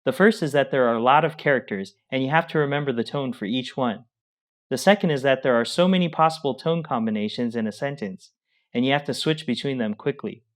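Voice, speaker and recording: Man, calm explanatory co-teacher, scripted lesson read, mid-range voice. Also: medium pitch, fairly quick. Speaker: Mandarin teacher.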